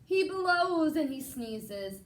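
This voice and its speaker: A woman teacher reading a picture book aloud to children, expressive and encouraging. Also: sits high, very slow. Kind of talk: children's story read-aloud.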